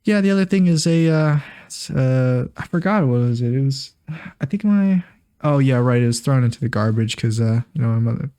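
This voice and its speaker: A man's voice: expressive, brisk, dark tone, clear, resonant tone. Giggly guy cohosting a podcast over voice chat, laughs a ton. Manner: giggly, laughs often and high. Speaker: podcast co-host. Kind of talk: casual chat over a voice call. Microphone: home mic on a voice call.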